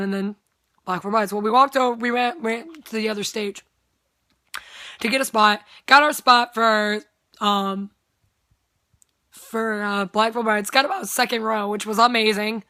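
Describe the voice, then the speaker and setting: A woman's voice: medium pitch, steady tone, normal speed, sharp tone, dry recording, clean studio sound. A young woman telling a story in a casual vlog, chatty, with plenty of "like" and free swearing. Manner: chatty, swears freely, lots of "like". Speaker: vlogger.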